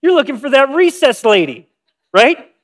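Animated pastor telling a story. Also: male voice, extremely high pitch, moderate pace. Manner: storytelling with acted-out quotes. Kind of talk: sermon.

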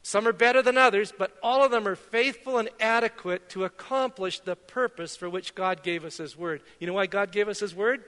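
A middle-aged pastor from Canada delivers a relaxed, conversational sermon with a high, bright, forceful voice. He tells anecdotes and pokes fun at his own slips. His voice rings out with the long reverb of a church hall. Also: fairly quick, hardly any pauses. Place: church sanctuary.

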